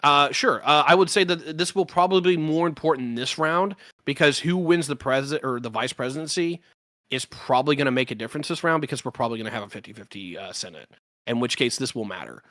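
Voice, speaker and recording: A male panelist with a bright, forceful voice, recorded close and dry. He talks bluntly, swears casually and stumbles through restarts as he lays out his take. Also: mid-range voice, fast talker, dry recording. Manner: hesitant, restarts often, blunt and cursing. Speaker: regular panelist. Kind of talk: casual political discussion.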